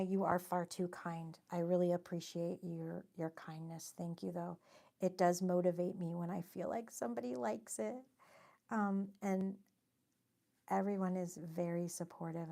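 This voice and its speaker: Chatty woman with a gravelly low voice. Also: flat delivery, normal speed, warm tone. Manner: chatty, self-deprecating, reads viewer comments aloud. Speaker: livestream host and watercolor artist. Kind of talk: casual livestream chat while painting.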